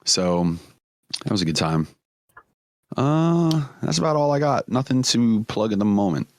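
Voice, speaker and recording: A man's voice: on the low side, lively intonation, unhurried, a little hiss or hum. A man co-hosting a comedy podcast, chatting casually and laughing often at his own jokes. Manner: joking, laughs often, trails off and restarts. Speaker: podcast co-host.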